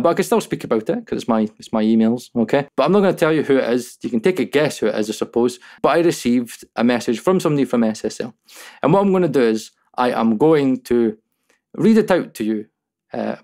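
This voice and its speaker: A man's voice: mid-range voice, a little mellow. A man from the UK hosting his mixing channel, talking casually in a rambling way with frequent laughs, fillers and the odd swear word. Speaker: YouTube mixing channel host. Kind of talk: casual vlog monologue.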